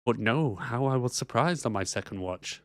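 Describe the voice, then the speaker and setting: A British man co-hosting a casual podcast from a studio, jokey and animated. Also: mid-range voice, normal speed, no room sound. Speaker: podcast co-host. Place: home studio.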